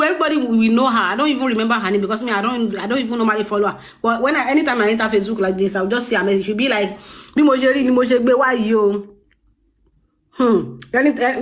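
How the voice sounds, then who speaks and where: A Nigerian woman in a casual call-in rant, indignant, switching between English, Pidgin and Yoruba. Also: fairly high pitch.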